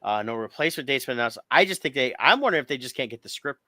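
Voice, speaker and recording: A man's voice: mid-range voice, animated, rapid-fire, pushed and bright, no room sound. A man co-hosting a podcast, chatting casually and rambling with restarts. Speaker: podcast co-host. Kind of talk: casual chat.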